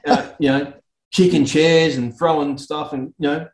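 Recorded in an echoey room, the Australian auto repair shop owner talks candidly and earthily in an interview, frequently starting over mid-thought. Here his voice sits on the high side, unhurried, with fairly even intonation.

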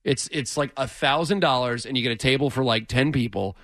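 Fast-talking man in dry studio banter. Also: medium pitch, a bit bright, no echo. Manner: insistent, explains patiently, laughs easily. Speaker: radio show regular.

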